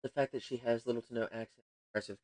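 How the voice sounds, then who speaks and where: A man's voice: mid-range voice, steady tone, rapid-fire, darkish tone, no room sound. A man from the United States chatting casually while streaming a game, rambling and thinking aloud. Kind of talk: casual gaming livestream chat.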